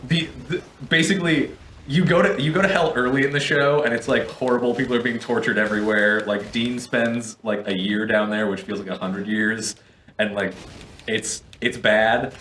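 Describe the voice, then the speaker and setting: A man's voice: medium pitch, fairly bright tone. A young man co-hosting a gaming stream, chatting casually and rambling through long explanations with many restarts. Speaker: co-host and player. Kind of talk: casual chat while gaming. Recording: echoey room, faint noise.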